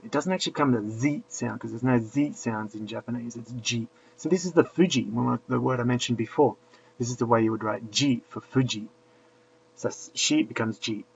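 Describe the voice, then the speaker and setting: Husky man teaching a lesson. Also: medium pitch, fairly even intonation, moderate pace. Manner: patient, repeats drills aloud. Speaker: language teacher. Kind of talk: classroom lesson explanation. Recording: dull lo-fi recording.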